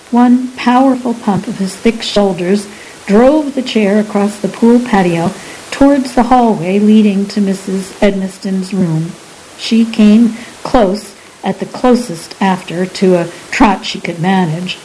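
A woman reading a story aloud at a measured, unhurried pace, as an audiobook narrator. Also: medium pitch, mellow, slight background noise, low-quality recording.

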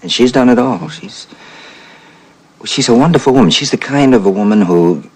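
A man's voice: mid-range voice, animated, normal speed, husky. An actor playing an emotional, fussy divorced father who rambles about his family and apologizes for getting teary. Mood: sentimental. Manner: tearful, apologetic, sentimental rambling. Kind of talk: stage comedy acting.

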